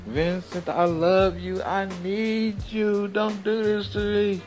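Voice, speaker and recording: A young woman begs and pleads as she cries, as a man quotes her mid-story. The voice is lifted only a little above his normal pitch, so it still sounds like him. Faint music runs underneath. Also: level tone, slow, darkish tone. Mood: pleading.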